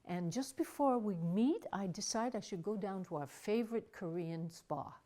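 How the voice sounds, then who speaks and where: An older woman telling a personal story in a wry, dramatic way, soft music behind her. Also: mid-range voice, lively intonation, normal speed. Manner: wry, dramatic, with acted asides.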